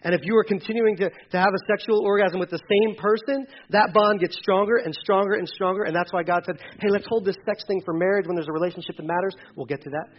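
A male pastor preaching a sermon to a congregation, emphatic and urgent, dropping into quiet asides. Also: sits high, quick pace, few pauses, highs cut off. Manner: emphatic, swings between loud urging and quiet asides. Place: church hall with a congregation.

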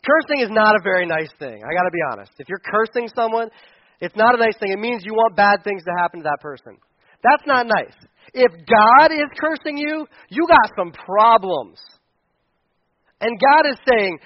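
A man with a high voice delivers a sermon as a pastor, talking casually and with energy. He acts out prayers and excuses in quick little voices. The sound is dry and a bit dull. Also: no room sound. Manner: energetic, conversational preaching with acted-out quotes.

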